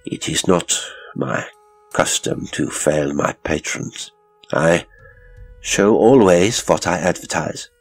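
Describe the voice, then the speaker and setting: A man's voice: slow, soft background music, full character voice, poor audio. A man voicing a sinister older male circus director who stays mockingly polite. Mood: calm. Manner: smooth, mocking politeness with sudden high lilts.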